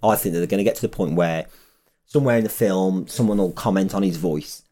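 A man co-hosting a podcast, relaxed and chatty, often laughing and restarting his sentences. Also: low-pitched, fast. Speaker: podcast co-host. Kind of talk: casual chat.

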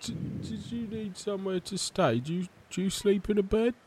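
A man playing a chatty, mellow turtle adventurer. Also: high-pitched, normal speed, slight background noise, close to an everyday voice. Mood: friendly. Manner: folksy, chatty, offhand. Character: friendly male turtle adventurer. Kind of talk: tabletop role-play.

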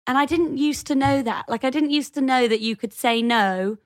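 A young English woman in a casual chat, explaining her thoughts in an animated, reflective way. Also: high voice, normal speed. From England. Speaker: musician guest.

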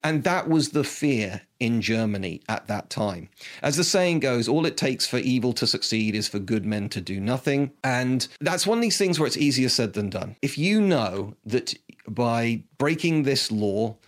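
A man's voice: mid-range voice, animated, normal speed. Enthusiastic man rambling about films. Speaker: film reviewer. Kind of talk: casual film talk.

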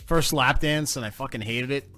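A man's voice: mid-range voice, normal speed, bright, forceful tone, soft background music. A middle-aged man from New Jersey, co-hosting a podcast and telling crude stories bluntly and profanely, often laughing. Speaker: podcast co-host. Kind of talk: crude casual chat.

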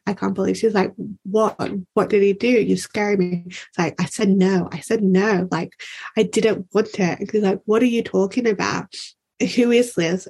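A woman's voice: mid-range voice, creaky, slightly rough. A woman speaking as a podcast guest, telling a personal story in candid conversation and quoting herself and others with "like".

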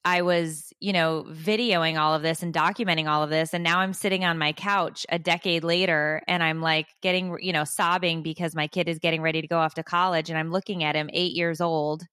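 A woman's voice: sits low, steady tone, fairly quick, few pauses, pushed and bright, clear, resonant tone, no room sound, studio quality. A woman in her forties co-hosting a podcast, chatting casually and rambling with frequent laughs. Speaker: podcast co-host. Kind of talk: casual chat.

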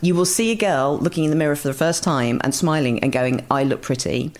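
A woman's voice: deep voice, quick pace. A woman guest in a casual chat, talking animatedly and acting out quotes. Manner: animated, acts out quotes in lively asides.

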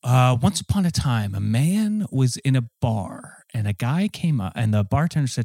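A man in casual banter, halting and restarting as he stumbles through telling a joke. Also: mid-range voice, big pitch swings, warm tone, dry recording, clean studio sound.

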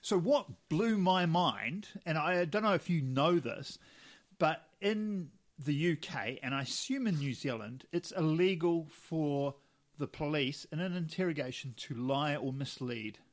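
A young man co-hosting a casual podcast, his voice sitting a little high for a man. He rambles through his stories, corrects himself mid-sentence and laughs often. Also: animated, a little slow. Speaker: podcast co-host. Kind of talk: casual chat.

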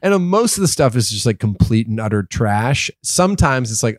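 An animated young man co-hosting a podcast, swearing freely and playing up mock outrage. His voice is mid-pitched and sits close on a dry, dead microphone with no room sound. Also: brisk, dry recording. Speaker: podcast co-host. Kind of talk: casual podcast banter.

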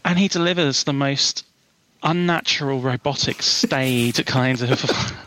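A man's voice: mid-range voice, a little slow, a bit bright. A man co-hosting a podcast, critiquing a film scene in casual chat with wry remarks and frequent ums. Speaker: podcast co-host.

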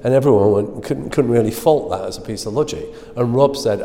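A man's voice: mid-range voice, a little fast, mellow, long reverb tail. A middle-aged man telling self-deprecating stories as an interview guest, laughing at himself as he goes. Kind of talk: anecdotal storytelling.

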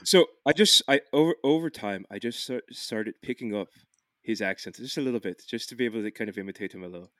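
A man's voice: medium pitch, fast, a bit bright, no room sound, studio quality. Rambling man. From Philadelphia, USA. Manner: rambling, swears freely, many restarts. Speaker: podcast host. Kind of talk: casual podcast chat.

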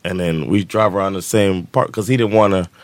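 A man's voice: low voice, brisk. A man, telling a story on a casual podcast, laughing often and acting out the voices of the people in it. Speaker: podcast co-host.

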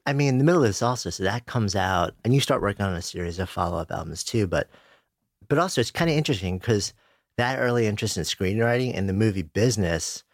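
A man with a very low, deep voice hosts an interview and talks quickly. He thinks aloud, leaning on "I mean" and "like". The sound is dry and close. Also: lively intonation, no echo. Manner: quick, reflective, full of "I mean" and "like". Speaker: interview host. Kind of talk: conversational interview.

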